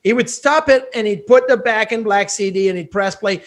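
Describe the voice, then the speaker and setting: A middle-aged man chats casually as a podcast guest, wandering through old memories in a loose, relaxed way. His voice sits quite high for a man. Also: a little fast. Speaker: podcast guest, former hockey goalie. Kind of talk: casual chat, reminiscing.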